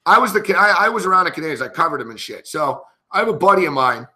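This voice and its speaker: Heated, swearing man with a bright voice. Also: a little high, lively intonation, rapid-fire. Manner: heated, swearing constantly, rambling. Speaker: sports betting show commentator. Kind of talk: profane storytelling rant.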